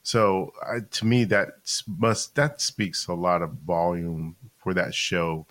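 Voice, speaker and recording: A man's voice: deep voice, slow pace, fairly bright tone. A man co-hosting a podcast in casual chat, hesitant and searching for words with fillers. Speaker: podcast co-host.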